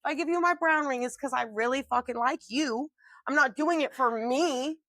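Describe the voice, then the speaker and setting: Loud, swearing young woman in her twenties. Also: sits high, no echo. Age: 20s. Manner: loud, boisterous storytelling with lots of swearing and laughter. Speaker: podcast co-host. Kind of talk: casual chat.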